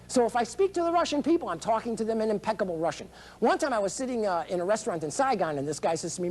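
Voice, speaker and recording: High-voiced rambling male candidate. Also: lively intonation, very fast, darkish tone. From United States. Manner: rambling, digressive, eccentric showman. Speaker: presidential candidate. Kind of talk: rambling campaign speech.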